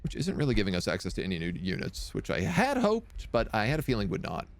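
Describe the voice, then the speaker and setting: Guy streaming a strategy game, rambly and playful, real animated voice. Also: sits low, racing, no echo. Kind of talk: casual gameplay commentary. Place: home room by a window.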